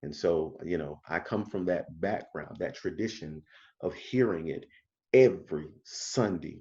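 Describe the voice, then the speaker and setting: A man's voice: sits low, expressive, moderate pace, a little mellow. Emphatic male Bible teacher, lo-fi sound. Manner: emphatic, full of rhetorical questions. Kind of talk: casual Bible study lesson.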